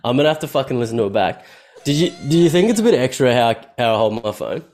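Man, mid-pitched voice, podcast host, rambling and profane in casual chat. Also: big pitch swings, fast, a little mellow. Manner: rambling, profane, thinks aloud.

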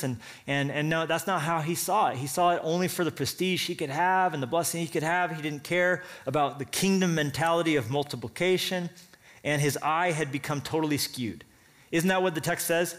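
A man preaching a sermon in a casual, conversational way, often checking in with the listeners. He tells the story with energy and acts out what each character says. His voice sits a little higher than most men's. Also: expressive, a little fast. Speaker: pastor.

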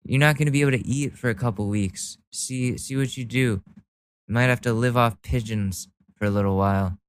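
A man's voice: medium pitch, brisk, clean tone. A young man doing mocking, profane reaction commentary, sarcastic and laughing often. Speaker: commentary streamer.

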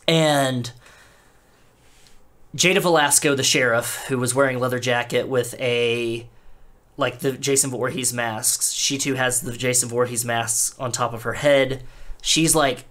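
A man's voice: mid-range voice, steady tone, normal speed, a bit bright. A man narrating as game master in a tabletop game, loose and full of fillers.

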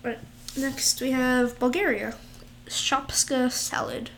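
Giggly woman with a higher voice. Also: steady tone, takes it slowly, vocal fry, fairly bright tone, a little hiss or hum. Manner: giggly, hesitant, stumbles over foreign words. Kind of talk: casual chat reading out national dishes.

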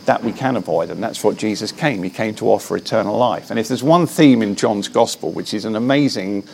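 Brief: man, low gravelly voice, earnest preaching manner, faint background noise. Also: brisk. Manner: earnest, animated, frequent restarts. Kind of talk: preaching in an interview. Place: Belfast.

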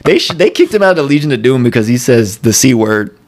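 A man co-hosting a casual podcast, retelling cartoon scenes in a rambling, animated way and jumping into quoted voices. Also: medium pitch, quick pace. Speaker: podcast co-host. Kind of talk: casual chat.

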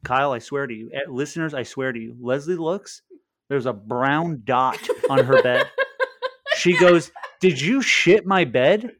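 A young man co-hosting a podcast, telling a crude story in a casual, animated way with frequent restarts. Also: mid-range voice, normal speed. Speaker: podcast co-host.

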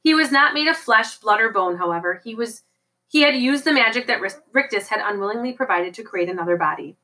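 Bright-voiced woman reading a novel. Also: on the high side, a little fast, poor audio. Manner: steady storytelling with occasional slips and restarts. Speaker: audiobook reader.

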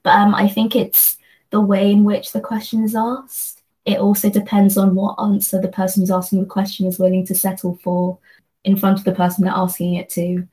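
Woman, earnest, reflective, thinks aloud, restarts often, level narrow pitch. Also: monotone, normal speed, mellow. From London, England. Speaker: guest, company associate. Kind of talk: reflective conversational discussion.

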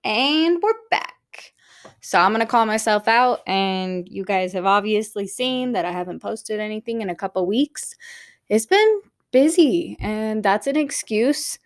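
A woman's voice: medium pitch, normal speed. Upbeat woman hosting a motivational podcast. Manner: candid, upbeat, encouraging. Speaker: podcast host. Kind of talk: motivational solo podcast talk. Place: office at night.

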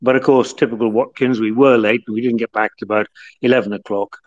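A man's voice: medium pitch, steady tone, fast. A middle-aged man from the North of England, a guest telling long anecdotes with many fillers and restarts. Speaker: guest, former football club chief executive. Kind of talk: relaxed anecdotal storytelling. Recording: slightly muffled lo-fi audio.

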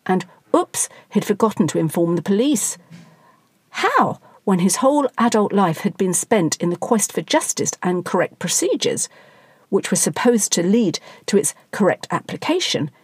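A woman's voice: medium pitch, very animated, breathy edge, no echo. Wry woman reading a satire. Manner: wry, dry and measured. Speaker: narrator.

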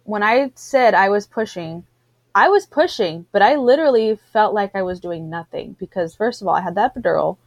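A woman's voice: mid-range voice, a little fast, no echo. Woman telling a story, dry close sound. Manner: animated storyteller, acts out what others said. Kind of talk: casual chat, personal birth story.

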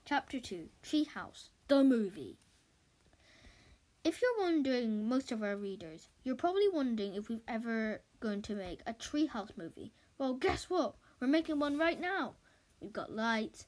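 A woman reading a children's story aloud in a lively, playful way. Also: fairly high pitch, unhurried. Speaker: reader of a children's book.

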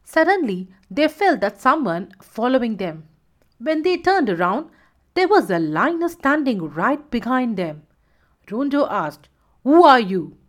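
A woman telling a children's animal story in an expressive, storybook style, voicing each character herself. Her pitch sits somewhat high and moves a great deal. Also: a little slow. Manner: expressive, voices every character. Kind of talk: storybook narration.

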